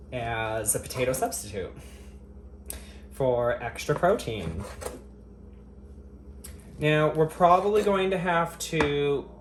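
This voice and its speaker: A man vlogging as he cooks in his home kitchen. He talks straight to his viewers in a profane, sarcastic, mock-dramatic way and teases them. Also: medium pitch. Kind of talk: cooking vlog chat to camera. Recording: echoey kitchen with faint ambient noise.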